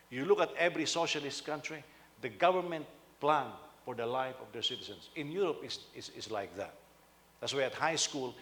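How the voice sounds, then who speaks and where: A man's voice: medium pitch, fairly bright tone, big-room sound. A man, a senior pastor, preaching a conversational sermon and often putting rhetorical questions to his listeners.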